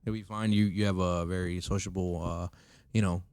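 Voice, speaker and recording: A man's voice: low voice, fairly even intonation, moderate pace, a little mellow, clean tone, no echo. Laid-back, foul-mouthed male podcast host. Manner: loose and profane, laughs often. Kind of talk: casual chat. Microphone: condenser mic.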